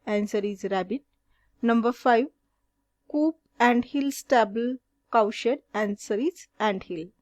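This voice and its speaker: Slow, dry-voiced woman teacher. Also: on the high side, a little mellow, no echo. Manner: slow, deliberate question-and-answer reading. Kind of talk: reading out solved exercise answers.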